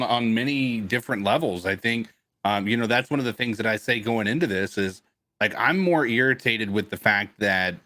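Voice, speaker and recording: A man co-hosting a casual sports podcast in a mid-pitched, dry, close voice. He talks haltingly, restarting his sentences often before he gets to the point. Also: pushed and bright, no room sound. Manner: halting, many fillers and restarts. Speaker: podcast co-host. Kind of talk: casual postgame talk.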